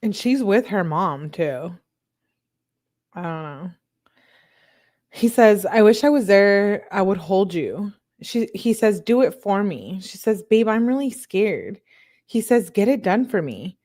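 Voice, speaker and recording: A woman hosting a show, reading text messages aloud in a plain, steady way and breaking off for blunt, disbelieving asides to her viewers. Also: mid-range voice, slow pace. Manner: reads chat comments aloud to viewers. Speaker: channel host.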